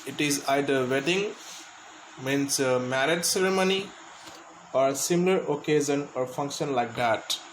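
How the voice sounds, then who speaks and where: Slow Indian man teaching an English lesson. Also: mid-range voice, echoey room, a little hiss or hum, low-quality recording. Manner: slow, explanatory, repeats and glosses words. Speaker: school teacher.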